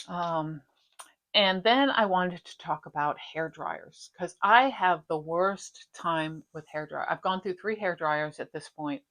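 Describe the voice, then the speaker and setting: A middle-aged woman with a slightly low voice, talking in a loose, rambling way as she hosts her stitching vlog. She drifts between topics with easy asides and homely detail. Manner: chatty, rambling, warm-hearted. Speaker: flosstube host. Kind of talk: casual chat.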